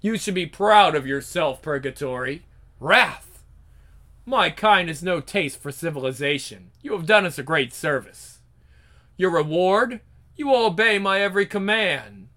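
A man voicing a grandiose, cruel male vampire overlord in a pompous, drawn-out manner. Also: on the high side, animated, sharp tone. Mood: commanding. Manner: pompous, drawn-out villain speech.

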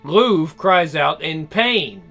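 A man's voice: fairly high pitch, animated, very slow, pushed and bright, soft background music. A man reading a role-play story aloud, with jokey, chatty asides between the passages.

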